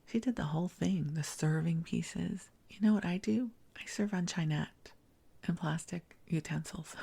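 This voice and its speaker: Soft-spoken, husky middle-aged woman. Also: fairly low pitch, moderate pace. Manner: soft, half-whispered, laughs at herself. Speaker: sleep podcast host. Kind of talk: soft bedtime rambling.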